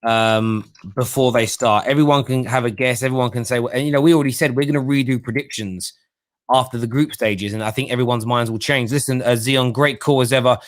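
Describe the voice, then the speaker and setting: A man's voice: medium pitch, steady tone, fairly quick, no room sound, clean studio sound. A man hosting a live football call-in show, chatting and reading out viewer comments. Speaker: host.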